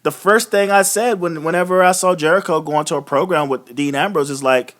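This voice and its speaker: A man's voice: fairly high pitch, a little fast, hardly any pauses, a bit bright. A man hosting a live wrestling recap, ranting casually and profanely, often laughing. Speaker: host of a wrestling recap show.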